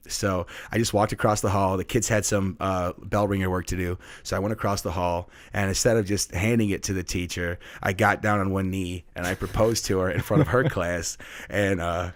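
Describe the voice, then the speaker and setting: A young man, a middle school teacher, telling funny classroom stories in a playful, animated way. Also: lowish voice, fairly quick, dry recording, studio quality. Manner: playful, acts out voices in his stories. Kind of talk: animated storytelling.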